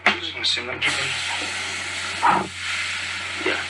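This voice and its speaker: Cheerful man rambling over loud dish clatter. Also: medium pitch, fairly even intonation, moderate pace, recorded from a distance, very noisy. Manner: cheerful, chatty, loses his train of thought. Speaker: podcast host. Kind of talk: casual rambling monologue. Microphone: phone. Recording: phone recording with loud clattering dishes. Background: clattering cutlery, dishes and pots.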